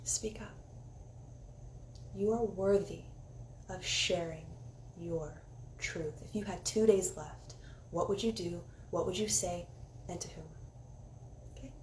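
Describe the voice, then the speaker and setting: A woman giving a casual spiritual oracle card reading, candid and encouraging, sometimes dropping into soft meditation guidance. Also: on the low side, takes it slowly, long pauses. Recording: echoey room with faint ambient noise.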